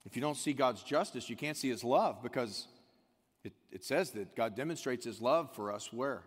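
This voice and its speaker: A man preaching a sermon, asking the room questions and swinging between loud peaks and hushed lines. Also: medium pitch, animated, normal speed, slightly rough. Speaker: pastor. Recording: long hall reverb.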